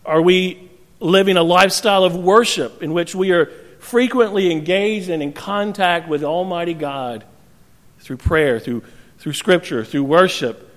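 A high-voiced pastor tells a scripture story with energy, acting out the characters. He slows into earnest, searching questions. His voice carries a long reverb from a church hall. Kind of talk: sermon.

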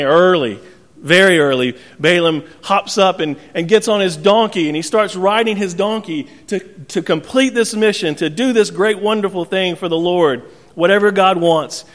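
A high-voiced pastor tells a scripture story with energy, acting out the characters. He slows into earnest, searching questions. His voice carries a long reverb from a church hall. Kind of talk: sermon.

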